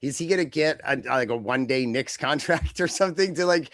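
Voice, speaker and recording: A man co-hosting a casual wrestling podcast, rambling and joking, slipping into quick silly voices. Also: a little high, a bit bright, no room sound, studio quality. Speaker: podcast co-host.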